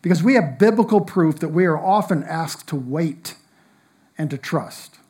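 A man preaching a sermon, reading scripture aloud in an earnest manner, with emphatic rises and soft drops. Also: fairly high pitch, lively intonation, normal speed. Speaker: pastor.

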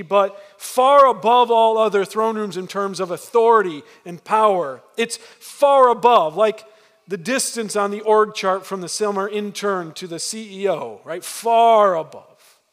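High-voiced preaching man in a reverberant hall. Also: fairly bright tone. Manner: storytelling, emphatic with repeated restarts. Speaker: pastor. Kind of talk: sermon.

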